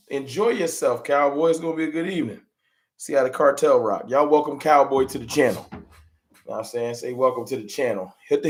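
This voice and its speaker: A man hosting a casual livestream, greeting chat members by name and chatting in a laid-back way. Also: medium pitch. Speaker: livestream host.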